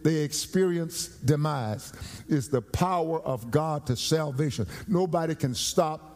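A male pastor preaching a sermon, emphatic and repetitive, rising in pitch as he grows fervent. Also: a little slow, a little mellow. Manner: emphatic, repeats phrases, rises in pitch when fervent. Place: church.

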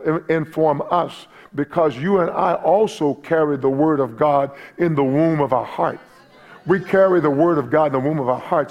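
A middle-aged man preaching a sermon in a high, gravelly voice. He is an excitable pastor who climbs into loud, emphatic delivery and often repeats himself.

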